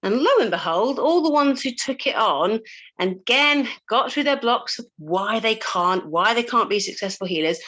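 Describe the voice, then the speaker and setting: A woman's voice: medium pitch, a bit bright, poor audio. A woman coach talking casually to a group, chatty, with frequent laughs and fillers and casual swearing. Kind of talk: casual talk to a live group.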